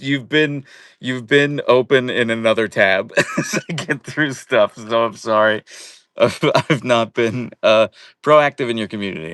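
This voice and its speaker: A man's voice: mid-range voice, a bit bright, no echo, clean studio sound. A young man hosting a casual live stream from home, chatting playfully and greeting viewers by name. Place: at home, indoors.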